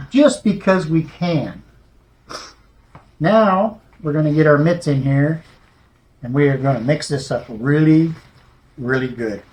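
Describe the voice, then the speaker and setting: A man's voice: on the high side, a little mellow. A man hosting a home cooking video, talking the viewer through a recipe in a folksy, chatty way from his kitchen. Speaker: home cooking show host. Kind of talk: casual cooking demonstration. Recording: echoey room.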